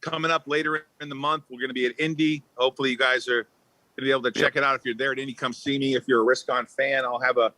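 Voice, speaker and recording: Male host on a remote link, bright and forceful, keeps pressing his questions. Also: medium pitch, level tone, quick pace, low-quality recording. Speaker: show host, company chairman. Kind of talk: casual show banter. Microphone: remote call.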